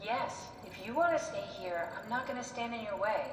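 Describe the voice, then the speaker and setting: Video game heroine, voiced by an actress: calm and insistent, businesslike and reassuring. Distant, echoey, hissy game audio. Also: female voice, a little high, moderate pace, lightly acted. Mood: firm, reassuring. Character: calm, insistent woman steering her partner.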